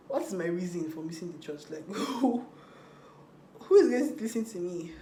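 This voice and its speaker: A woman's voice: fairly low pitch, normal speed, slight background noise. Chatty young woman in an echoey room. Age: young adult. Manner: chatty, animated retelling with acted quotes. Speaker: vlogger. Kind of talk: storytime vlog while doing makeup.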